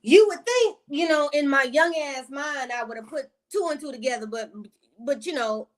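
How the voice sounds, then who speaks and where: Woman vlogger, slightly high voice, rambling and profane storytime delivery full of asides. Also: moderate pace. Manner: profane, rambling, with side tangents to viewers. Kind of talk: casual storytime monologue.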